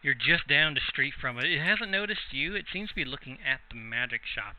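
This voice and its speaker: A man's voice: medium pitch, animated, fairly quick. A man narrating a tabletop game as game master, describing the scene in a loose, meandering way with frequent fillers. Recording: dull lo-fi sound with faint background hiss.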